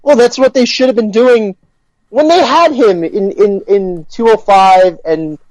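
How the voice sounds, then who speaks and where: A man's voice: high-pitched, measured pace, darkish tone, no room sound, low-quality recording. A man co-hosting a podcast, rambling through crude jokes with lots of giggling. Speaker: podcast co-host. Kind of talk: crude casual banter.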